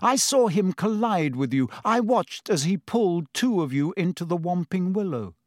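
A man's voice: sits high, lively intonation, normal speed, darkish tone, dry recording, studio quality, voice pushed up. A man voicing an impatient, intense middle-aged male wizard teacher in an audiobook reading. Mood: urgent. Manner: urgent, insistent, impatient.

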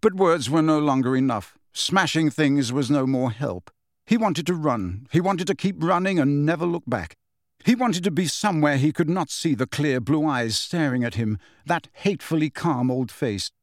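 A man's voice: a little high, animated, normal speed, no room sound, studio quality. A man narrating a fantasy novel as an audiobook, reading expressively.

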